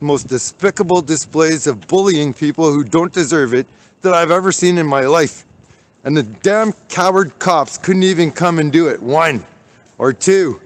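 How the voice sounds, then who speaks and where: A man livestreaming as he walks outdoors downtown, ranting angrily and swearing. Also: a little high. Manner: furious, profane ranting. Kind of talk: angry walking livestream.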